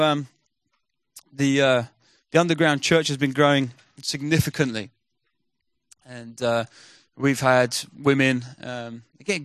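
A man's voice: mid-range voice, no echo. A man, preaching and telling a missionary story, acting out the dialogue as he goes. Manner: animated storyteller, acts out quoted dialogue. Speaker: missionary speaker. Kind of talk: sermon storytelling.

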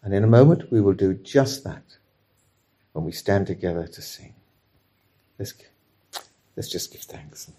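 A man preaching a sermon in a measured, earnest way, reading scripture aloud and leading the congregation in prayer. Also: sits low, expressive, mellow, slightly rough.

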